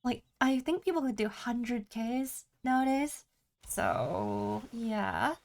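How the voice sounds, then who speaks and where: A woman's voice: a little high, expressive, slow pace, creaky, a little mellow. A woman streaming a game, chatting casually with her chat and listing what she can do. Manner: chatty, reads chat aloud, lists options. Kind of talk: casual chat while gaming.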